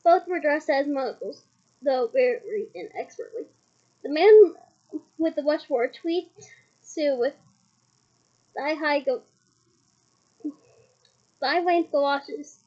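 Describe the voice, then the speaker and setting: A woman's voice: sits high, expressive, slow, long pauses, warm tone, lo-fi sound. A woman from Scotland reading a novel aloud chapter by chapter, with chatty asides between passages. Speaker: book reader.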